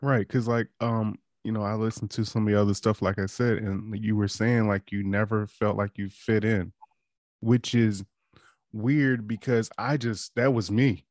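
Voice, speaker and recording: A man hosting a podcast, talking in a relaxed, slangy way and relating to his guest. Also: on the low side, moderate pace, dry recording, clean studio sound. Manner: laid-back, slangy, relates with own stories. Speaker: podcast host. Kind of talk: casual conversational interview.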